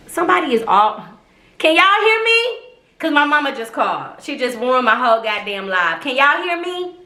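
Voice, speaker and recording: A young woman on a live stream, telling a personal story in a profane, animated, slangy way. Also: sits high, normal speed. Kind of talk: casual storytelling to a live audience. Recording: echoey room.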